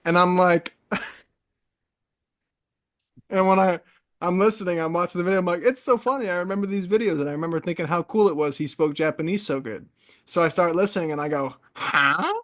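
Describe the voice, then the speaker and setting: A young man in casual podcast chat, an animated storyteller who wanders into tangents. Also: high voice, brisk, pauses often. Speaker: podcast co-host.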